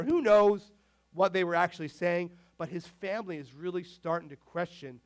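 A man preaching a casual, animated sermon, peppering his speech with "like". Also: sits high, normal speed. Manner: animated, filler-heavy with frequent "like"; talks to the tech crew mid-sermon. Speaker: pastor.

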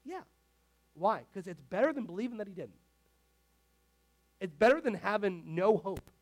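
A man preaching a casual, animated sermon, peppering his speech with "like". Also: sits high, moderate pace. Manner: animated, filler-heavy with frequent "like"; talks to the tech crew mid-sermon. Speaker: pastor.

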